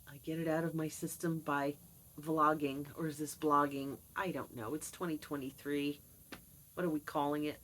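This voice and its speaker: A woman's voice: deep voice, steady tone, moderate pace, a bit bright, slight background noise, poor audio. A woman in her fifties talking candidly on her vlog, earnest with wry asides. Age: 50s. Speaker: vlogger. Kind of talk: personal confessional vlog.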